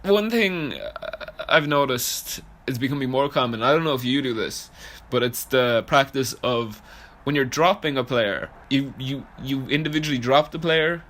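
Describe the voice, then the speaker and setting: A young man, co-hosting a casual podcast, joking and swearing in animated banter. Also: mid-range voice, normal speed, hardly any pauses. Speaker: podcast co-host.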